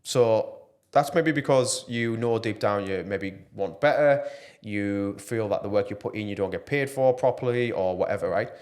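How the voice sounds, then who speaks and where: A man with a fairly low voice, speaking as a guest on a podcast. He talks with earnest passion in a loose, conversational way, often pausing on fillers. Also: a little mellow. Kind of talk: casual podcast interview.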